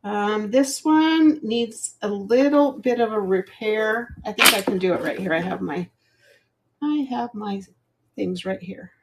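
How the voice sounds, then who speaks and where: Speaking at a medium pitch and an unhurried pace, a middle-aged woman hosts a casual live jewelry sale. She's chatty and rambling, laughing at her own fumbles.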